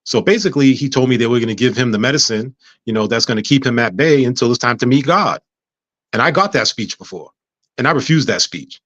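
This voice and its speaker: A man telling a personal story in casual chat, animated, acting out dialogue with frequent stammers and restarts. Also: medium pitch, fast, no room sound, lo-fi sound. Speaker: guest.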